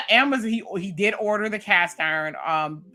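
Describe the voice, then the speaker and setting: A woman's voice: mid-range voice, expressive, normal speed, pushed and bright. A woman in her late thirties casually recapping a TV episode, animatedly acting out her own reactions to the scenes. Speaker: TV recap vlogger.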